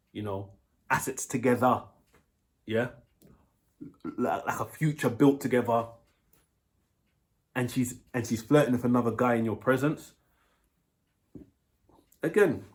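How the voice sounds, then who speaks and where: A man with a British accent, giving blunt dating advice in a casual monologue, swearing freely and checking in with his listener. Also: medium pitch.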